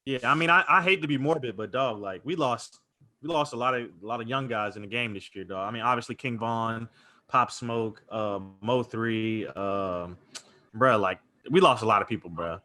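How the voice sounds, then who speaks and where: A man's voice: mid-range voice, normal speed, bright, forceful tone. A young man co-hosting a podcast, chatting casually in a slangy, teasing way. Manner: slangy, teasing, laughs easily. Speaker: podcast co-host. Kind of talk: casual chat.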